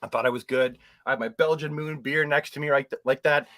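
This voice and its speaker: A man's voice: medium pitch, a little fast, dry recording. A man hosting a podcast, telling comic stories in casual chat and swearing freely. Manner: animated storyteller, swears freely. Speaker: podcast host, movie reviewer.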